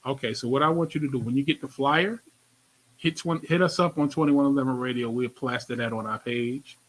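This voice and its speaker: A man's voice: mid-range voice, fairly even intonation, fairly quick, poor audio. A man with a New York accent hosting a radio interview, chatting casually in slang and repeating his phrases. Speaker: radio show host.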